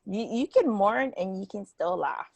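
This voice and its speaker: A woman's voice: mid-range voice, lively intonation, unhurried, gravelly, dry recording, rough recording. A woman hosting a podcast interview, speaking earnestly and reflectively in a conversational way. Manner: earnest, reflective, with some restarts. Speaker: podcast host.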